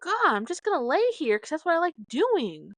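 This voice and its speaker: A woman's voice: high voice, big pitch swings, brisk, no echo, voice pushed up. A woman voicing a timid young male puppy who is exasperated and wants to go home. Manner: whiny, exasperated.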